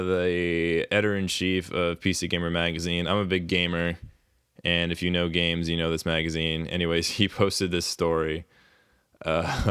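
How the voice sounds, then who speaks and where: A low-pitched man talks loosely on a podcast, wandering through his thoughts with plenty of swearing and bursts of laughter. His voice has a bright, forceful edge. It comes across smooth and resonant. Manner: rambling, swears often, laughs mid-sentence. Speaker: podcast co-host. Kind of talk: casual chat.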